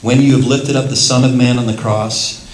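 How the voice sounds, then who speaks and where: Lively man teaching the Bible, echoey room. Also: mid-range voice, normal speed, a little hiss or hum. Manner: lively, laughs often, acts out quoted voices.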